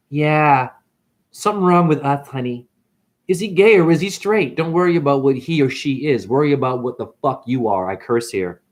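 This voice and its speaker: A man who is a spiritual teacher and numerologist, in a preachy livestream rant that swings between whoops and mutters. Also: on the high side.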